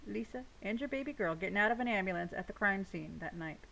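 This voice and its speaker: A woman's voice: medium pitch, expressive, quick pace, gravelly, fairly bright tone, rough recording. A woman doing a defiant young neighborhood man. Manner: blunt, angry slang.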